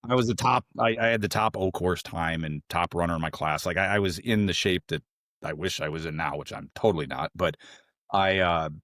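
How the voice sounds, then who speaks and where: A middle-aged man on a podcast, telling a long story in a rambling, animated way, full of fillers and restarts, and jumping into a high voice when he quotes others. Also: a little fast, no echo, studio quality. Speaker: podcast guest, former SEAL trainee. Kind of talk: casual storytelling interview.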